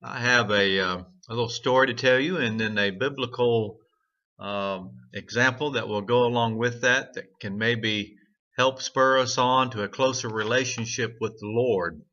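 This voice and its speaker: Earnest man, bright lo-fi voice. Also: medium pitch, fairly even intonation, moderate pace. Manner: earnest storytelling with frequent fillers. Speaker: host of a morning devotional. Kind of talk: devotional talk with a story. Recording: dull lo-fi sound.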